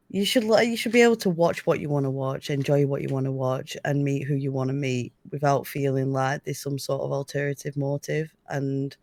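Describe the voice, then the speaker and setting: Male panel guest, slightly high voice, dry close sound, blunt and fed up. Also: dry recording. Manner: frustrated, blunt, emphatic. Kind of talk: casual panel chat.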